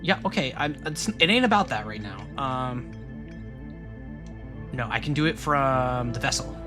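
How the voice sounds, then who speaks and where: A man's voice: mid-range voice, lively intonation, a little slow. A man giving live, rambling commentary as he plays a video game, joking back at his chat. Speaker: streamer. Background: game music.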